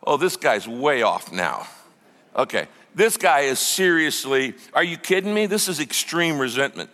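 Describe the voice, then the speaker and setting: A man preaching a sermon as pastor, animated and conversational, acting out the voices of the people in his story. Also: medium pitch, moderate pace, in a large hall. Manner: lively preaching, acts out quoted voices.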